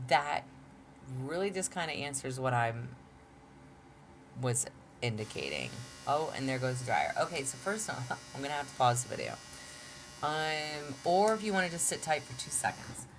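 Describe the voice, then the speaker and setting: A woman's voice: deep voice, sing-song, moderate pace, long pauses, a little hiss or hum. A woman hosting a casual tarot reading from home, chatty, laughing often and saying y'all. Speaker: tarot reader, channel host.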